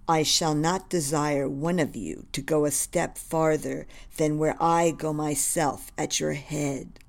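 A woman's voice: deep voice, fairly even intonation, slow pace, creaky, heavily acted. A woman reading the lines of a devoted male general in love, earnest and reverent in manner. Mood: tender.

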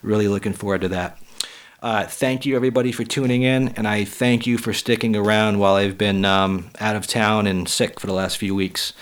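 Raspy guy just over the flu, kinda low voice, blunt and swears a lot on his podcast. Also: steady tone, a little fast. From Western Massachusetts. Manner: blunt and profane, emphatic. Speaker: podcast host and comedian. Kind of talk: casual solo podcast talk.

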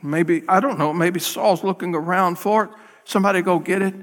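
High, bright-voiced male pastor preaching. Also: normal speed, long reverb tail. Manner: dramatic storytelling, acting out scenes. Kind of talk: sermon. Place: church sanctuary.

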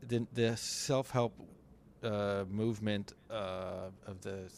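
A man with a lowish voice co-hosts a relaxed podcast conversation. He talks through ideas patiently and in a measured way, stopping now and then to find his words. A faint hum of room ambience sits behind him. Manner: thoughtful, explains step by step with pauses and fillers. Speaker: podcast co-host.

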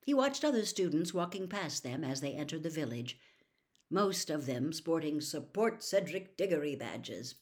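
A woman reads a children's novel aloud in an expressive storytelling voice. Her voice is low, yet her pitch moves a lot. She sometimes drops into a hushed whisper. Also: moderate pace. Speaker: narrator. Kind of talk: audiobook narration.

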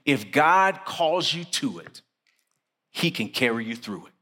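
A man preaching a chapel sermon, earnest and emphatic, slowing down to stress key lines. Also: mid-range voice, expressive, sharp tone. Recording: long reverb of a chapel hall.

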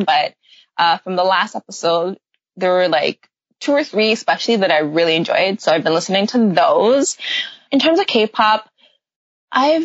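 A woman's voice: on the low side, no echo. A woman hosting a podcast in casual chat, talking with enthusiasm and plenty of fillers. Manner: chatty, enthusiastic, many fillers. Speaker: podcast host. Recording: dull lo-fi dry recording.

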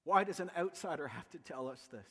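High-voiced Canadian pastor preaching with passion. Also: male voice, expressive, a little fast, fairly bright tone, slightly rough, long reverb tail. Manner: impassioned, builds with repeated rhetorical questions. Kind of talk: sermon. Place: church sanctuary.

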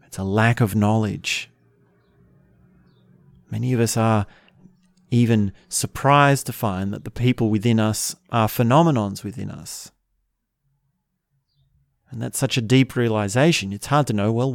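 A man giving a calm, thoughtful talk, musing aloud and asking rhetorical questions. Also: on the low side, measured pace, creaky, pauses often, no room sound, clean studio sound. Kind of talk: reflective spoken talk.

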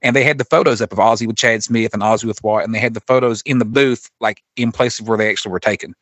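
Podcast co-host from Kentucky, male, low voice, rapid lively delivery, dry close sound. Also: dry recording. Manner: animated storyteller, swears freely, laughs often. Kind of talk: casual chat.

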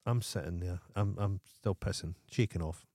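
A man's voice: low-pitched, moderate pace, darkish tone, dry recording, studio quality. A Scottish man co-hosting a casual podcast, telling stories in a blunt, profane way. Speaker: podcast co-host.

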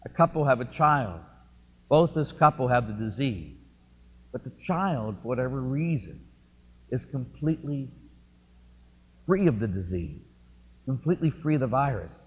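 A man preaching a sermon as pastor, telling a story with impassioned swings between loud and hushed. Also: medium pitch, husky. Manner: impassioned storytelling, rising and falling. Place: church. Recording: lo-fi recording in a reverberant church.

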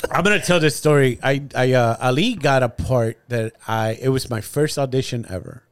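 A man on a casual podcast, telling stories in an animated way and swearing freely. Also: medium pitch, normal speed, smooth, no room sound. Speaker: podcast co-host.

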